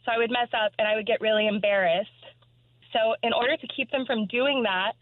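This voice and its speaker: A woman's voice: a little high, steady tone, a little fast, no room sound. Bubbly woman on a phone line. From Texas. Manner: bubbly, giggly, chatty. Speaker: caller. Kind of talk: phone-in storytelling.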